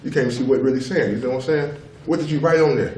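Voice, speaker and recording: A man's voice: medium pitch, rapid-fire, dark tone. Middle-aged man, emphatic spoken testimony, repetitive, distant mic, echoey hall. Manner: emphatic, repetitive, keeps asking "you know what I'm saying". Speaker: father giving testimony at a public tribunal. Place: public hearing room. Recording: roomy hall, mic far off, faint noise.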